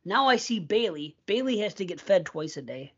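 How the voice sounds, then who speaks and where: A man's voice: high voice, sing-song, normal speed, slightly rough. A middle-aged man co-hosting a podcast, telling a long, profane, rambling story in casual chat. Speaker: podcast co-host. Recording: dull lo-fi sound.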